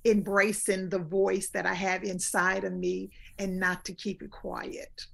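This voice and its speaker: A woman's voice: medium pitch, flat delivery, measured pace, gravelly. A woman in her fifties, a guest speaker talking earnestly in a casual interview, repeating phrases for emphasis. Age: 50s. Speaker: guest speaker and life coach.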